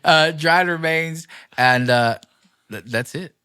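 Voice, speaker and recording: Man, podcast host, rambling casual chat, says like a lot, swears, bright voice, dry close mic. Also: on the high side, takes it slowly, clean tone, no room sound. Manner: rambling, heavy use of "like", swears freely.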